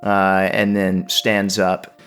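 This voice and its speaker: A man narrating a tabletop game as game master, unhurried and full of ums and uhs. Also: low-pitched, monotone, a bit bright.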